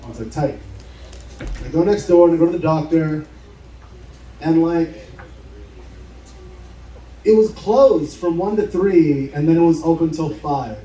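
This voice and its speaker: A man's voice: on the high side, unhurried, long pauses, mellow. A man telling a live story at a bar show, casual and swearing, playing the people in his tale. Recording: echoey room, mic heard from a distance. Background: audience cheering and laughing.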